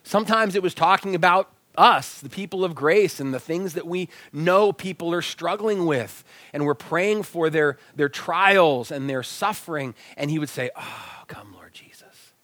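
Animated preacher man, slightly high voice. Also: moderate pace, few pauses, no echo. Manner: animated, acts out quoted dialogue, drops to near whispers. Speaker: pastor. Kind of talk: sermon with personal storytelling. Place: church sanctuary.

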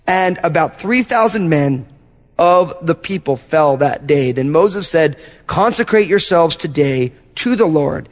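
A man pastor preaching a sermon, telling animated stories and acting out little asides to his congregation. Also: sits high, in a large hall. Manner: animated storytelling with acted-out asides.

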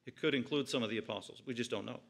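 A man's voice: mid-range voice, racing, gravelly. A man preaching an expository sermon in church, reading scripture aloud and then explaining it with rising emphasis. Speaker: pastor.

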